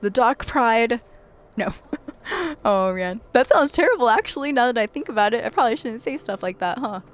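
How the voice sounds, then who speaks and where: A woman's voice: a little high, expressive, brisk. A young adult woman streaming a video game late at night, chatting and giggling with her viewers as she plays. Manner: chatty and giggly, talking to chat while playing. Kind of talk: casual late-night gaming livestream chat.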